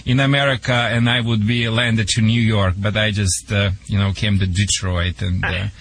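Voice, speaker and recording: A man with a Russian accent, a dog trainer on a call-in radio show, joking and halting with many fillers. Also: on the low side, little pitch movement, creaky, a bit bright.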